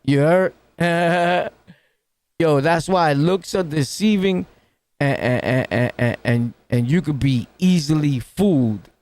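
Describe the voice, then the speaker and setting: A man's voice: on the high side, slow, a little mellow. A man with a New York accent reacting to clips in casual commentary, full of street slang and laughing asides, talking right up on the mic. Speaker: reaction streamer. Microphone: close to the mic.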